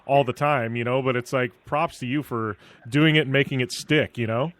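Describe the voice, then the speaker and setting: A man's voice: mid-range voice, steady tone, moderate pace, fairly bright tone. A man hosting a motorsport radio show, casually telling stories and chatting with a guest. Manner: chatty anecdotal storyteller. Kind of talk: casual chat.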